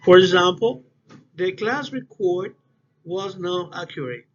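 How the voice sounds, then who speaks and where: A man giving a class presentation, speaking haltingly and often restarting his phrases. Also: high voice. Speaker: student presenter. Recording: dull lo-fi audio with faint hiss.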